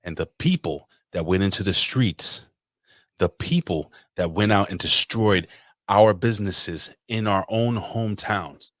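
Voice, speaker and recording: A man's voice: low voice, animated, a little slow, a bit bright, no echo, studio quality. A man from New York City co-hosting a podcast, ranting casually and swearing constantly. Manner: profane ranting. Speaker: podcast co-host. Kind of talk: casual chat.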